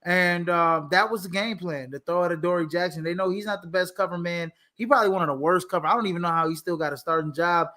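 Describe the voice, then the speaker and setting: A man with a high voice talks sports in a loose, rambling way. He leans on fillers and restarts, laughs easily, and sounds relaxed. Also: fast, hardly any pauses. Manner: laid-back, lots of fillers and restarts, laughs often. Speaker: podcast co-host. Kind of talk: casual sports talk.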